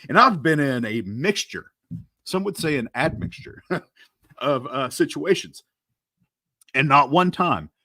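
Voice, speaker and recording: A man's voice: on the high side, pushed and bright, no room sound, studio quality. A man hosting a livestream, reacting to clips and reading out chat comments in a rambling, casual way with frequent laughs. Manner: rambling, laughing, repeats words. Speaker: show host reacting to clips. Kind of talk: casual commentary live stream.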